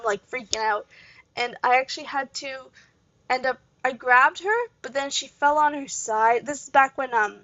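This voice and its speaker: A woman's voice: on the high side, vocal fry, fairly bright tone, dry recording. A young woman from Canada hosting a gaming channel, telling a casual story full of fillers and side tangents. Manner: rambling, full of fillers and asides. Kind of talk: casual storytelling while playing a game. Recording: dull lo-fi home mic.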